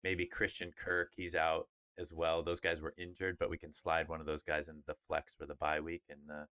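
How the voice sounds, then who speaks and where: A man's voice: rumbling low, monotone, brisk, bright, forceful tone. A man co-hosting a podcast, chatting casually about sports in an upbeat, rambling way with fillers. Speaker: podcast co-host.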